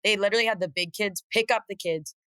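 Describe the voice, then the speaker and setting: A woman guest on a podcast, chatting casually with quick, emphatic talk and frequent laughs. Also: medium pitch, a bit bright, no room sound. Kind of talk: casual chat.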